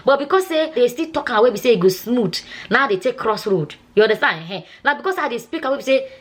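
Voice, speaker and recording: A woman's voice: on the high side, expressive, fast. A Nigerian woman vlogger and nurse chatting casually, telling a long story in Nigerian Pidgin and often asking "you understand?". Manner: chatty, repeats herself, asks "you understand?".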